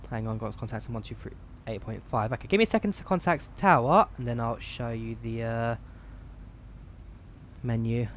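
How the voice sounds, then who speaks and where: A man from the UK giving relaxed, chatty commentary while flying a flight simulator, explaining each menu as he clicks through it on a headset mic. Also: medium pitch, moderate pace, slight background noise. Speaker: flight sim streamer. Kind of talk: casual gameplay commentary.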